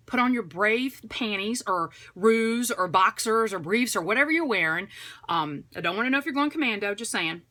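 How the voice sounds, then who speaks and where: Chatty, animated woman sales coach. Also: a little high. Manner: chatty, upbeat, acts out phone calls in a bright voice. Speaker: direct sales trainer. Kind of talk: motivational sales coaching talk.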